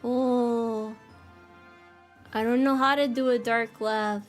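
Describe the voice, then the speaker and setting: An American woman streaming to her chat in a high, unhurried voice. She giggles often and teases herself while reading viewer messages, with faint music behind her. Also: fairly even intonation. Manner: giggly, self-mocking, reads chat aloud. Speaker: livestreamer.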